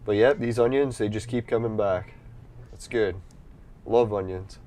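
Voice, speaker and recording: A man's voice: on the low side, a little slow, mellow. Profane, rambling male gamer. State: runny nose from allergies. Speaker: gameplay streamer. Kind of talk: casual gameplay commentary.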